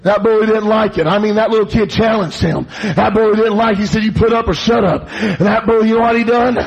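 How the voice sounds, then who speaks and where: A man preaching a fiery revival sermon, shouting his refrains with passion. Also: high-pitched, steady tone, fast talker, vocal fry, husky, highs cut off.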